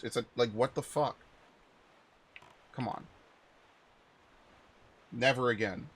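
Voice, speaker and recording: A young man streaming a video game, chatting casually with viewers and rambling through stories with sudden loud outbursts. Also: mid-range voice, fairly even intonation, slow, pauses often. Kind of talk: casual live-stream chat while playing.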